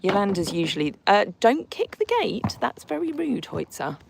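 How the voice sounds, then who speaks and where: A woman's voice: medium pitch, big pitch swings, moderate pace, vocal fry, noisy background. A woman hosting a casual live stream from horseback outdoors, reading viewer comments and cooing and scolding her horses in between.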